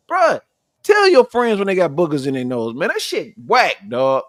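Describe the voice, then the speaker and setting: A man co-hosting a casual podcast, telling stories in an animated, profane way with loud bursts. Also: high voice, normal speed, no room sound, clean studio sound. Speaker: podcast co-host.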